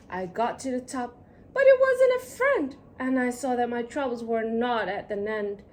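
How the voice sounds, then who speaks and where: Expressive woman reading a storybook. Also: fairly high pitch, moderate pace, slight background noise. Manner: sing-song, expressive. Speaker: storybook reader. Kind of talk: children's storybook read-aloud.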